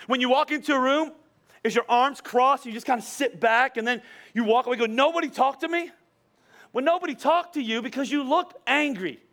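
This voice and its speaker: A man's voice: extremely high pitch, brisk, a bit bright. A pastor giving a casual, conversational sermon, joking, laughing often and repeating words as he talks.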